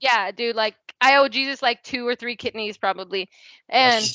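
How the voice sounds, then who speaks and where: Young woman with a bright, animated voice. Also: fairly high pitch, normal speed, no room sound. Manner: chatty and candid, peppers speech with "like" and swearing, acts out quoted dialogue. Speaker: podcast guest. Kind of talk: casual storytelling in a podcast interview. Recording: dry, slightly dull podcast audio.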